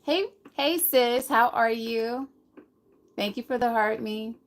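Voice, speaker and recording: A woman's voice: fairly high pitch, takes it slowly, poor audio. A middle-aged woman hosting a casual live stream, talking earnestly and rambling straight to her viewers.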